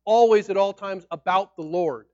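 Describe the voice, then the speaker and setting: A man preaching a sermon in an animated, conversational way, sometimes acting out people's reactions. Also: high voice, normal speed, dry recording. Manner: animated, acts out shouting fans and mock-formal speech. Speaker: pastor. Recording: dry, dull lo-fi sound.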